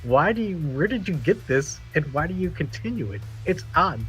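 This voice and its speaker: A man's voice: on the high side, sing-song, moderate pace, a bit bright, faint music behind, poor audio. A man on a podcast panel, rambling in crude casual chat and searching for his words.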